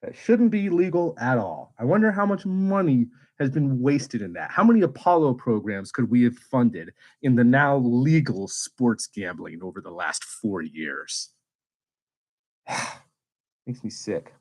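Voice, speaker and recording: Brief: male space streamer, middle-pitched, loose and unfiltered, swears freely, rants with heat. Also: measured pace, poor audio. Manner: candid and profane, swings into animated rants. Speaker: space YouTuber and livestream host. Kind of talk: casual livestream chat.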